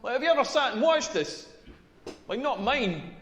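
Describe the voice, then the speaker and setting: A crude Scottish stand-up comic. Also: male voice, extremely high pitch, sing-song, normal speed, a bit bright, slight background noise, full character voice. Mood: deadpan. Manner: crude, rambling, self-mocking. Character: tall crude Scottish male stand-up comedian. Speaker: stand-up comedian. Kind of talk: stand-up comedy routine. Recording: echoey hall with long reverb.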